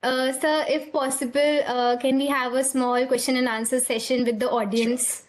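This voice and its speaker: High-voiced deferential woman host. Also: flat delivery, normal speed. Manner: deferential, hesitant, many fillers. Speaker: interviewer and host. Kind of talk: polite formal interviewing.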